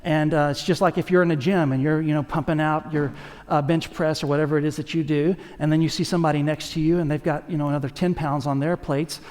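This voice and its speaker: A male pastor preaching in a lively, conversational way, tossing in jokes and asides to the people in front of him. His voice sits somewhat high for a man, and it carries through a big church with long reverb trailing behind it. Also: fast talker. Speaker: lead pastor. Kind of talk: sermon. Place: church sanctuary.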